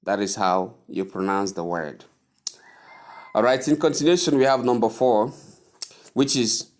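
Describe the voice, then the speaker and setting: A man with a Nigerian English accent teaching word pronunciation, saying each word again and again in a drawn-out way. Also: medium pitch, lively intonation. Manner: slow, repeats each word many times, drawn out. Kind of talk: spoken English pronunciation lesson.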